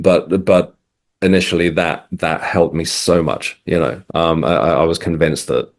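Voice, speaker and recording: Very low-voiced man telling a story. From England. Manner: hesitant, restarts, many ums. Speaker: guest. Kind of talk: casual interview storytelling.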